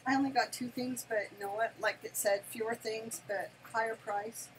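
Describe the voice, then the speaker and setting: An older woman and grandmother chatting casually through an unboxing, gushing and excitable, laughing often and squealing with delight at home. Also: fairly high pitch, moderate pace, slight background noise, low-quality recording. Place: home, near her desk.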